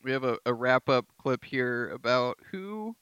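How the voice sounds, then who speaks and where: A man's voice: medium pitch, animated, measured pace, fairly bright tone, clean tone, no room sound. A man hosting a podcast in casual chat, telling stories with lots of fillers and laughter. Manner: laughing storyteller, filler-heavy. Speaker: podcast host. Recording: dull lo-fi dry sound.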